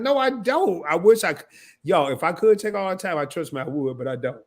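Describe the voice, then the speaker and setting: A man's voice: high voice, animated, a little fast. A man hosting a casual live stream, talking loosely, repeating himself and breaking into laughter.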